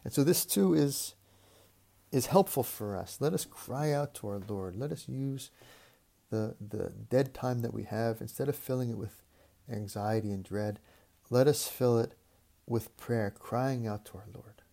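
A man preaching a reflective sermon, speaking in a measured way with repeated phrases and long pauses. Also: medium pitch, vocal fry, warm tone.

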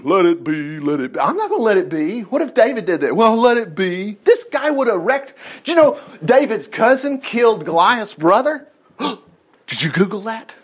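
Middle-aged guy preaching, high voice that jumps all over, acts out the characters. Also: husky. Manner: animated, acts out lines in character voices, chuckles. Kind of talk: sermon retelling a Bible story.

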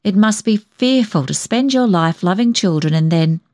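A woman's voice: medium pitch, animated, normal speed, a little mellow, lightly acted. A woman reading an audiobook, voicing a kind young man who speaks in a tender, soothing way. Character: gentle, loving young man, steady and kind. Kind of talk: audiobook dialogue.

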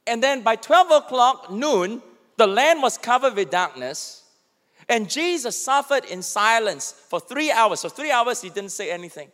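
A man's voice: sits high, in a large hall. A man pastor preaching a sermon, acting out quoted lines as he speaks. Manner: animated, acts out quoted speech.

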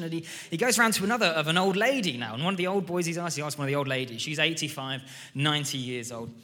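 A man's voice: fairly high pitch, quick pace, pushed and bright. A man preaching a sermon in an enthusiastic, conversational style and telling stories from the pulpit. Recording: reverberant church hall.

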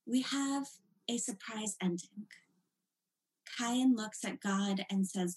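A woman leads a text study lesson, explaining each passage with emphasis. Her delivery is animated and explanatory, with a mid-range pitch. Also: slow, rough recording. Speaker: teacher.

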